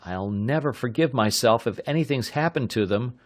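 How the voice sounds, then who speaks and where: A man's voice: mid-range voice, animated, normal speed, pitched above the performer's own voice, lightly acted. A man voicing a worried young inventor, speaking bleakly and urgently.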